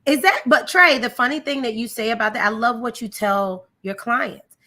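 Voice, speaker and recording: A woman's voice: on the high side, moderate pace, pushed and bright. A woman guest, telling her marriage story and acting out the dialogue. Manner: storytelling, acts out dialogue, laughs easily. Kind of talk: candid testimony in interview.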